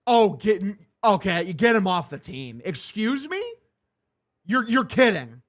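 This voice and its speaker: A man's voice: sits high, very animated, measured pace. A man streaming casual play-by-play commentary, profane and exasperated. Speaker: livestream host.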